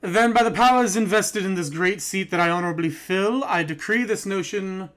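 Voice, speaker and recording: A man voicing a pompous male parliament speaker shouting over a crowd in a tabletop game. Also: high voice, normal speed. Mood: formal. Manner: loud, formal, blustering.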